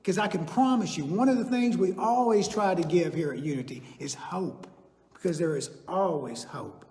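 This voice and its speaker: An older man delivers a sermon in a folksy, earnest manner, telling personal stories to his congregation. His voice sits fairly high for a man. The sound rings through a church sanctuary with a long, echoing reverb. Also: moderate pace, a little mellow. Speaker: chiropractor giving a church message.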